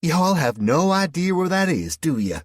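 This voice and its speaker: A man's voice: medium pitch, animated, normal speed, no echo, clean studio sound, voice pushed up, close to an everyday voice. A man voicing a flirty, sarcastic woman from West Virginia with a West Virginia accent and a mocking, teasing drawl.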